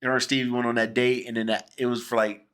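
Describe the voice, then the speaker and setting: A man hosting a casual movie review chat with his sister, joking and animated, with frequent restarts. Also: mid-range voice, fast talker, clean tone. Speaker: host.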